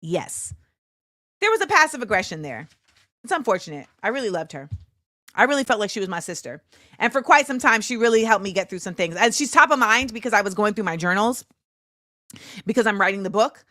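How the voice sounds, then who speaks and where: A woman, hosting a show and telling a story in a casual, animated way. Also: mid-range voice, a little fast, pauses often, no echo, clean studio sound. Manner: animated, acts out quoted voices, laughs often. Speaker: show host.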